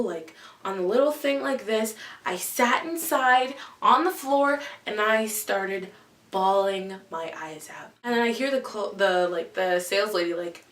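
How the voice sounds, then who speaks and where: A teenage girl tells stories to her camera in a high-pitched voice, rambling along with plenty of "like" and "um". She sits back from the mic, so her voice comes through roomy and echoey. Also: lively intonation, measured pace, far from the mic. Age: late teens. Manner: rambling, full of "like" and "um". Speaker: vlogger. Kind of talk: casual storytelling to camera.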